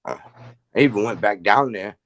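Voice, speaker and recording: A man's voice: fairly low pitch, lively intonation, moderate pace, a little hiss or hum. A middle-aged man in casual chat, telling rambling stories full of swearing. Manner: profane, rambling storyteller.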